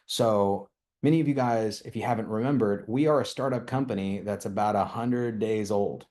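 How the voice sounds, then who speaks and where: A man with a fairly low voice delivers a motivational training talk to his team. He rambles with passion, restarting sentences and tossing in "right?" as he builds his points. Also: moderate pace, a little mellow. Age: young adult to middle-aged, with a toddler. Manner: rambling and impassioned, with frequent restarts and tag questions. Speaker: company leader giving a team training.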